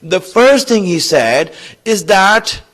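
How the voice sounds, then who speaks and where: A man with a high voice preaches a Muharram sermon as a storyteller. He speaks in the words of the people in his story, and his delivery grows more emotional over the sermon. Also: big pitch swings, slow. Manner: grows emotional and louder as he goes on.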